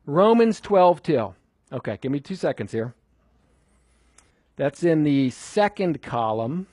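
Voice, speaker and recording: Husky man teaching a class. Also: on the high side, very animated, takes it slowly, darkish tone, dry recording. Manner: conversational, asks the audience questions, repeats for emphasis. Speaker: Bible teacher. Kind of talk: teaching a class on Scripture memorization.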